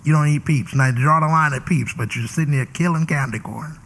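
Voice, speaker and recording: A man's voice: fairly high pitch, brisk, fairly bright tone, slight background noise. A man hosting a casual interview show as a bishop, talking in a playful, preachy way. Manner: playful, preachy, Southern Black church vernacular. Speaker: talk show host and bishop.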